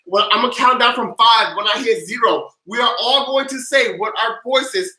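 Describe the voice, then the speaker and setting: A man hosting a casual livestream, answering viewer questions one after another and hyping up his audience. His voice sits high and very bright. The room around him is echoey. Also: moderate pace. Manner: energetic, hyped chant leader, loud and playful. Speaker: livestream tax advice host.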